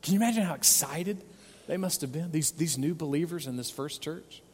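A man's voice: on the high side, a little fast, darkish tone, slightly rough, big-room sound. A man preaching a sermon as pastor, earnest and pleading, stressing points by repeating words. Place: church sanctuary.

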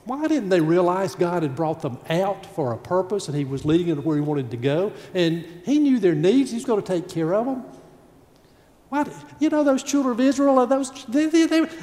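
Male pastor, high mellow voice, lively sermon, long sanctuary reverb. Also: normal speed. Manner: animated preaching, acting out grumbling voices.

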